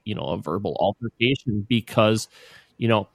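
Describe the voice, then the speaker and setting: A man's voice: fairly low pitch, normal speed, vocal fry, no room sound, studio quality. A man in his thirties co-hosting a podcast, rambling in casual chat with lots of fillers. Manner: rambling, many fillers and restarts. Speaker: podcast co-host.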